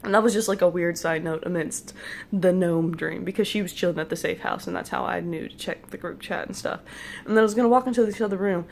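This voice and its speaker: A woman's voice: fairly low pitch, fast talker, gravelly, slight background noise. A young woman casually telling a long, rambling dream story, mimicking people's voices as she goes, snacking between lines. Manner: rambling, playful, quotes people in put-on voices; eating jelly beans while talking. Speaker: vlogger.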